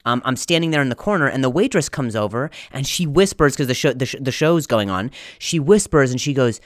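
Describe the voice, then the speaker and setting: A man's voice: medium pitch, lively intonation, fast, a bit bright, dry recording, clean studio sound. A young man hosting a podcast, telling a comic story in a rambling, self-interrupting way and laughing at his own jokes. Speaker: podcast host. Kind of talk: comedic storytelling monologue.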